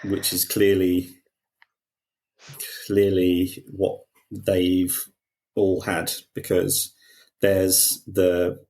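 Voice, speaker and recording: Male podcast co-host, deep voice, lively, restarts sentences. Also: very slow, long pauses. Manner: animated, quotes people in put-on voices, frequent restarts. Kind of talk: casual discussion.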